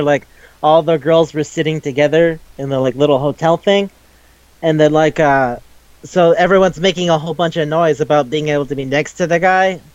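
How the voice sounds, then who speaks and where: A man co-hosting a casual podcast chat, excitable and rambling, swearing freely as he talks. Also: on the high side, clear, resonant tone, no room sound, dull audio. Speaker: podcast co-host.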